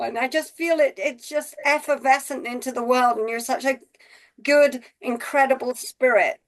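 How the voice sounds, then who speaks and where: A woman on a group video call, gushing with praise, rambling with many fillers. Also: high-pitched. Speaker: call participant.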